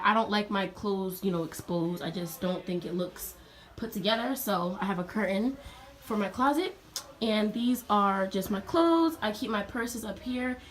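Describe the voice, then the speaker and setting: Chatty young woman giving a dorm tour. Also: mid-range voice. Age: young adult. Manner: chatty, upbeat, speaks straight to viewers. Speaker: college student vlogger. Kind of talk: casual dorm tour vlog. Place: college dorm room.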